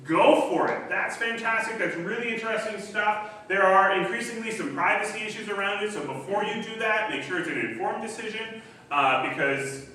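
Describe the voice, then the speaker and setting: Chatty pastor in an echoey church. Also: male voice, sits high, sharp tone. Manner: casual, chatty, frequent ums and restarts. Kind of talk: conversational sermon. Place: church sanctuary. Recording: very echoey hall, distant mic, faint hiss.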